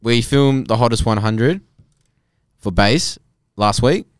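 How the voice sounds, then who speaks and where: A man's voice: mid-range voice, takes it slowly, dry recording. A young man co-hosting a podcast, joking and swearing in casual chat. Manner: animated, jokey, swears. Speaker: podcast co-host.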